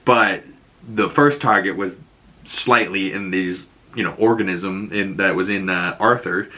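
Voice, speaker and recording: Forceful, foul-mouthed man with a Boston accent. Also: deep voice, a little slow. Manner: blunt, profane and excitable. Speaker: show recap host. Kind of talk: casual episode breakdown.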